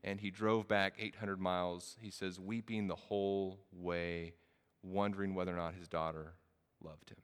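A man's voice: low voice, flat delivery, normal speed, smooth, big-room sound. A man preaching a sermon, telling a story and then building to emphatic preaching. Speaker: pastor.

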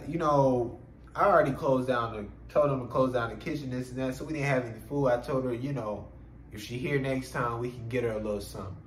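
A man's voice: mid-range voice, roomy sound, a little hiss or hum, rough recording. A man telling a story in a casual, profane podcast monologue, with frequent fillers and laughter. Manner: animated and profane, many filler phrases, laughs while telling. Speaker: podcast host.

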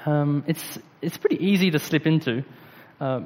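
A man preaching a sermon in a relaxed, conversational way, with slang and frequent fillers. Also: a little high, normal speed, long reverb tail. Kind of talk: casual sermon.

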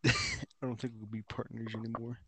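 A man's voice: medium pitch, level tone, moderate pace, dull audio, slight background noise. A young man co-hosting a podcast, teasing his friend and laughing often. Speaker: podcast co-host. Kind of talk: casual chat.

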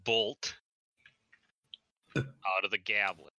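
A man's voice: on the low side, drawn-out words, pushed and bright, no room sound. A man playing a tabletop game, teasing the others in a playful, casual way. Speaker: player.

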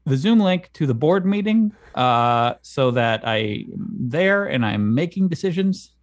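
A man co-hosting a comedy podcast, answering his partner with dry, deadpan objections. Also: fairly high pitch, dry recording, lo-fi sound. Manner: deadpan, wry, quick to object. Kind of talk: casual comedic banter.

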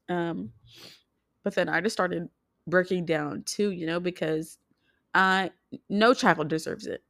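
Young woman, personal vlog, heartfelt, halting, lowish voice, dry close sound. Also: fairly even intonation, a bit bright, dry recording. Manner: heartfelt, halting, many restarts. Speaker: vlogger.

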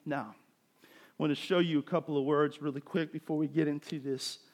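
A man preaching a sermon, building to emphatic bursts and dropping to quieter explanation. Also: on the high side, steady tone, brisk. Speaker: pastor.

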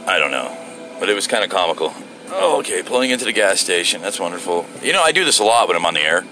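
A man's voice: deep voice, sing-song, quick pace, pushed and bright, faint music behind. A man rambling casually to himself while driving, profane and joking, with road and air-conditioning hum behind him. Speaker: solo show host. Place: inside a car.

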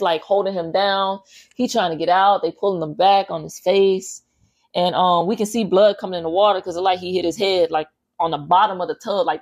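A woman podcast host casually recapping a horror movie scene by scene, animated and full of profane slang. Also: on the low side.

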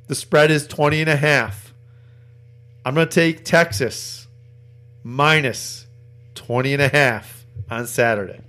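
A man's voice: medium pitch, fairly even intonation, a little slow, long pauses, sharp tone. A man hosting a sports betting podcast, chatting casually and rattling off stats and picks, laughing easily. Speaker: podcast host.

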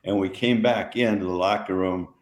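This retired wrestler, now older, has a deep voice with fairly even intonation and a normal speaking speed, recorded with a roomy sound. Co-hosting a podcast, he rambles through anecdotes in relaxed conversation, full of restarts and laughter.

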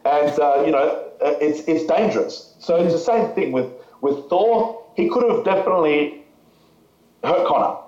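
A man's voice: fairly high pitch, normal speed, darkish tone. A man speaking frankly as a podcast guest, rambling with fillers and restarts. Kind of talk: casual conversation. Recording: echoey, slightly dull audio.

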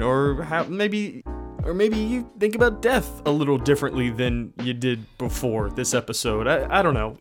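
A man from West Virginia with a country accent, hosting a podcast in an easygoing, folksy, rambling way. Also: a little high. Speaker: podcast host. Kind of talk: casual podcast chat and outro.

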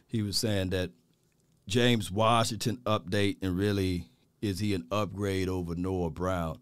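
A male sports talk host on a livestream, animated and exasperated, drawling informally, repeating phrases and laughing often as he reads viewer chats. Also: low-pitched, unhurried, clear, resonant tone, dry recording.

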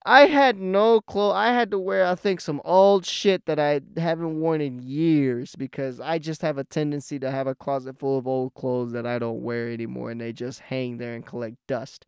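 A young man telling a rambling, profane story about his life in a casual, animated way. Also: high voice, normal speed, clear, resonant tone, no echo, studio quality. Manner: profane, rambling, animated when he gets heated.

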